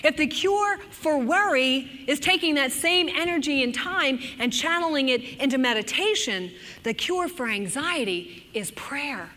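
Woman preaching, high voice, bright tone, animated, long hall reverb. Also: a little slow. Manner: animated, dramatic play-acting of anxious and angry voices. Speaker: women's Bible teacher. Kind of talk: sermon to a women's group.

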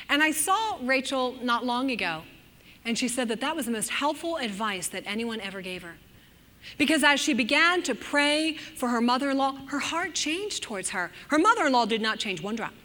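A woman teaching a sermon to a group of women, animated and dramatic, acting out anxious and angry voices. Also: high-pitched, long reverb tail.

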